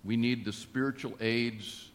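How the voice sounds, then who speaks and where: A man preaching a sermon in a measured, deliberate way, with emphatic rises. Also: mid-range voice, steady tone. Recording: long reverb of a church.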